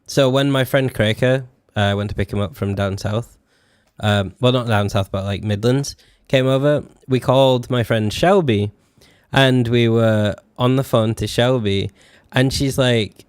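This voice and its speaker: On a dry, clean studio recording, a young man with a smooth, medium-pitched voice speaks a little slowly during a casual live stream as a VTuber. He's from northern England, with a Yorkshire accent slightly mixed with Scottish and posh tones, and he rambles, swears, laughs often, and uses plenty of fillers.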